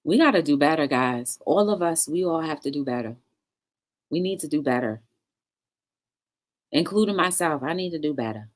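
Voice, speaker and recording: A woman's voice: deep voice, animated, normal speed, pauses often. A woman hosting a casual livestream talk show, chatting with viewers in the live chat and encouraging them.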